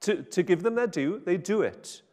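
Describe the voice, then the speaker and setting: A man's voice: sits high, animated, normal speed, a little mellow. A man preaching an informal sermon in a chatty, wry, self-interrupting way. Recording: hall reverb.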